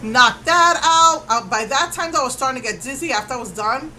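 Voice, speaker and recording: A woman vlogger casually retelling her day in a rambling, animated way with many fillers. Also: high voice, fairly quick, slight background noise, low-quality recording. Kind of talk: casual storytelling vlog.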